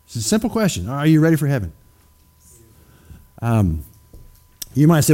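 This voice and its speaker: A man's voice: on the high side, huge pitch swings, normal speed, pauses often, dark tone. A man preaching a sermon, emphatic and questioning his congregation directly. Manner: acts out skeptics in mocking voices.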